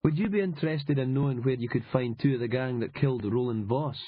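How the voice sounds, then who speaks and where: A man's voice: medium pitch, fast talker, phone-quality sound, a little hiss or hum, lightly acted. A man voicing an evasive, hesitant anonymous male caller with a Glasgow accent. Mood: cagey.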